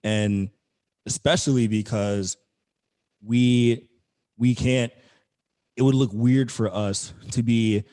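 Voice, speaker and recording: A man's voice: medium pitch, fairly even intonation, takes it slowly, long pauses, warm tone. A man co-hosting a podcast, talking in a loose, rambling way and swearing freely. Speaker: podcast co-host. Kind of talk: casual chat.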